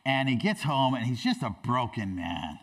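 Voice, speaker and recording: A pastor in a church, preaching a sermon with animated, dramatic storytelling. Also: male voice, mid-range voice, normal speed, creaky, distant mic.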